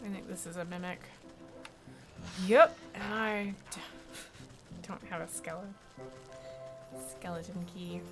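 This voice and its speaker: A woman's voice: fairly low pitch, steady tone, slow pace, long pauses, faint music behind. A woman streamer chatting casually while playing a game and reading its text aloud.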